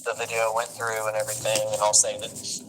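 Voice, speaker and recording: A man's voice: on the low side, completely flat delivery, fairly quick, over music. A man on a casual call, speaking hesitantly and trailing off mid-sentence as he collects evidence. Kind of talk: casual phone conversation.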